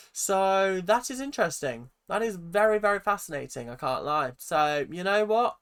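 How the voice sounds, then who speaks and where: A woman's voice: medium pitch, lively intonation, normal speed, hardly any pauses, smooth. A woman, giving a chatty, casual recap of a reality TV show, acting out the people she quotes. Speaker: reality TV reaction vlogger.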